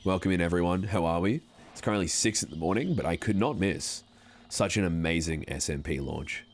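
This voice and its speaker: A man's voice: deep voice, brisk. A man from Australia with an Australian accent, chatting casually with viewers on a live stream. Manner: upbeat, chatty, greeting viewers.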